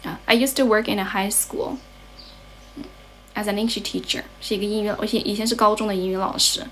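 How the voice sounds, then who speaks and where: A woman's voice: mid-range voice, fairly even intonation, fast talker, fairly bright tone. Chinese-accented young woman livestreaming on her phone, chatty, mixes english and chinese, bit of noise behind her. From China. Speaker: livestream host and English teacher. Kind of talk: casual bilingual livestream chat. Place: grandmother's home, indoors.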